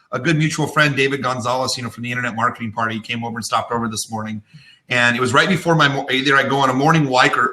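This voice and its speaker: A middle-aged man hosting a business web show, teaching in a casual way and telling anecdotes with lively acted-out voices. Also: mid-range voice. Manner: animated storytelling, acts out voices in anecdotes.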